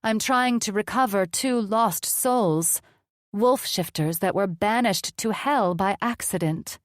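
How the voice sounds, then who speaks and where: A woman's voice: medium pitch, slow pace, dry recording, studio quality, close to an everyday voice. A woman voicing a seductive, taunting female djinn who speaks in a coy, sing-song way.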